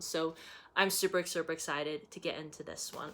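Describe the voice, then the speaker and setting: A woman's voice: fairly low pitch, little pitch movement, normal speed, pushed and bright. A woman chatting casually about her reading plans, with fillers and small laughs. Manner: chatty, with frequent fillers and giggles. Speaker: book vlogger. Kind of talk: casual reading-list chat.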